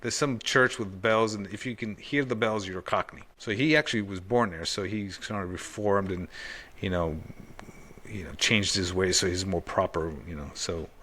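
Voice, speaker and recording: A man's voice: deep voice, moderate pace, fairly bright tone. A man hosting a podcast, chatting casually and rambling through personal anecdotes. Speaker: podcast host. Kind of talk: casual conversation.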